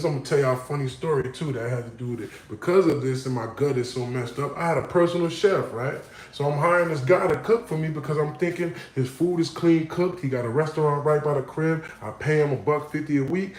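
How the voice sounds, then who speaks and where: A vlogger tells a personal story to camera, speaking casually and animatedly with lots of slang and swearing. His voice is mid-range, and there's a little hiss or hum. The room sounds roomy, with faint ambience.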